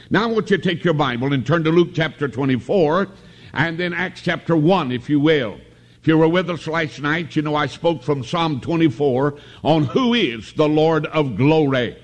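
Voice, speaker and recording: In a tabernacle, a middle-aged man delivers a revival sermon through a stage microphone, his voice pitched a little higher than most men's. His style is folksy and homespun, blending jokes with calls for amen.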